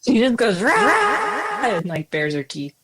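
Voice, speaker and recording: A woman's voice: lowish voice, lively intonation, normal speed, noisy background. A woman taking part as a player in a tabletop game, laid-back and a little hesitant. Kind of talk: casual tabletop game play.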